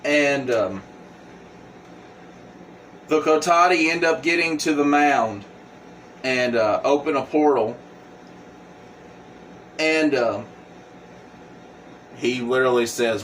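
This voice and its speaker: A man giving a casual plot recap in a halting way, with frequent fillers and restarts. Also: medium pitch, fairly bright tone. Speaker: comic book reviewer. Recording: distant mic with faint hum.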